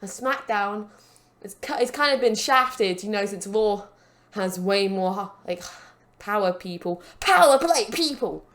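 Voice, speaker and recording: A woman's voice: mid-range voice, fairly even intonation, unhurried, fairly bright tone. Rambling woman narrating a wrestling game. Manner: rambling, joking, self-promoting. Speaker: gaming channel host. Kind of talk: casual game commentary. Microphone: desk mic with a broken stand.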